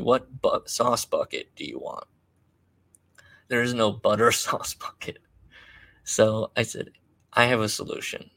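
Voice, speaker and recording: A man hosting a podcast, telling a story in a wry, self-deprecating way with many halting fillers. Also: fairly low pitch, vocal fry, fairly bright tone, dry recording. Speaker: podcast host. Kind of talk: casual storytelling monologue.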